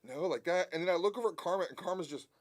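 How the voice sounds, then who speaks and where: A man's voice: high voice, racing, dry recording. Rambling, heartfelt man on a dry mic. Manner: rambling, heartfelt, full of restarts and swearing. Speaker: guest musician. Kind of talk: casual interview chat.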